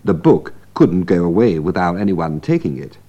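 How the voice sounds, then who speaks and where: Man co-presenter, teasing, warm dark voice, lively pitch, radio lesson. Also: moderate pace, highs cut off. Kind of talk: scripted radio lesson banter.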